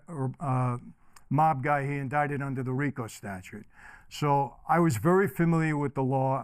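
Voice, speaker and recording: A middle-aged man gives a keynote as a personal testimony, talking right to the audience. His voice sits a bit high for a man and comes through smooth and clear. The sound is dry and close. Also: no room sound. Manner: storytelling, direct address to audience. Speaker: keynote speaker.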